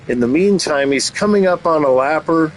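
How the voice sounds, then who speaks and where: A man who hosts a channel calls a race with playful play-by-play, slipping teasing jokes in between the calls. His voice is on the high side and expressive at a normal speed, and the poor audio carries slight background noise.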